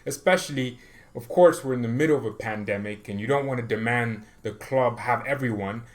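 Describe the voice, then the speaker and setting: A man in the middle of the usual pitch range hosts his own fan channel, talking casually straight to camera. He rambles from point to point with excitable energy and pokes fun at himself along the way. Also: fairly quick. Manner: excitable, rambling, self-mocking.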